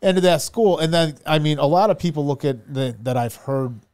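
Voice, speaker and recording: A man being interviewed as a guitarist, talking in a relaxed, easygoing way. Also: on the high side, brisk, dry recording. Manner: relaxed, easygoing, with light swearing. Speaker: guest guitarist. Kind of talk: casual interview chat.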